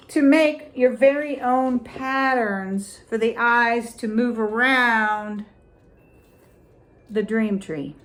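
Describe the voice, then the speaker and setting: A middle-aged woman with a high voice walks through a craft tutorial at an unhurried pace. She talks casually and deliberately, repeating phrases as she holds up ribbons and ornaments. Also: a bit bright. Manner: slow, deliberate, repeats phrases while showing items. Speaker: crafting vlogger.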